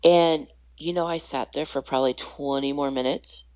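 A woman with a very deep, low-pitched voice tells her personal story as a podcast guest. She sounds earnest and animated, and she laughs at herself as she goes. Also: moderate pace, poor audio. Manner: earnest, animated, self-deprecating humor.

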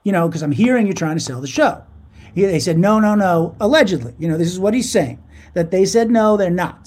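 Animated, cursing podcast co-host man. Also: high voice. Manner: animated, profane, storytelling. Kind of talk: casual chat.

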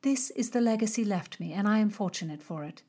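A woman's voice: medium pitch, expressive, a little fast, dark tone, pitched above the performer's own voice, natural voice. A woman voicing a guarded young female innkeeper in an audiobook, speaking formally and coolly polite. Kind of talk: audiobook character reading.

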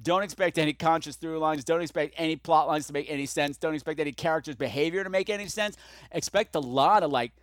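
A man hosting a podcast, giving a casual, rambling solo movie review into his microphone, swinging between muttering and excited yelling. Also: fairly high pitch, fast, dry recording. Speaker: podcast host.

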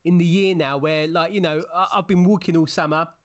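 Male co-host, high voice, loose rambling with fillers, casual video call chat. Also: fairly even intonation, a little fast, lo-fi sound. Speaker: podcast co-host.

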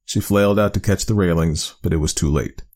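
A man narrating a spooky storybook tale with a measured, expressive reading. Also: low voice.

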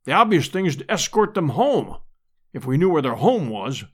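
A man voicing a pompous elderly professor who speaks formally and loudly. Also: fairly high pitch, big pitch swings, moderate pace, husky, exaggerated voice.

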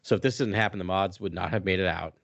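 A man's voice: low voice, quick pace, gravelly, no room sound. A man co-hosting a podcast in casual chat, restarting his sentences as he goes. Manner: animated, restarts mid-thought. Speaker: podcast co-host. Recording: dry, muffled sound.

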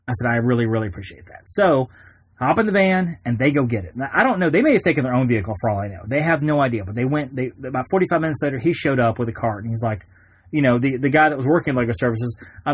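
A man's voice: mid-range voice, quick pace, breathy edge, no room sound. A man hosting a podcast, telling a long personal story in a casual, rambling way with many restarts. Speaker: podcast host.

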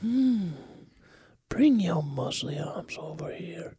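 Creepy leering old cartoon man, breathy whisper, dark and slow. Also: a little high, animated, no echo, studio quality, voice pushed up, exaggerated voice. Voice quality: whispery, wheezy. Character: creepy elderly male neighbor, leering.

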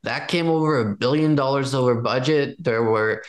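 A man giving political commentary in a conversation, forceful and indignant, building his case with examples. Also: medium pitch, normal speed. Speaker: guest commentator.

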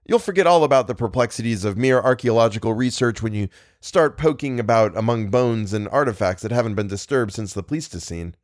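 A man voicing a cordial, brisk gentleman who reassures an old friend. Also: medium pitch, lively intonation, no echo, studio quality, lightly acted. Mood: reassuring. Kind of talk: audiobook character voice.

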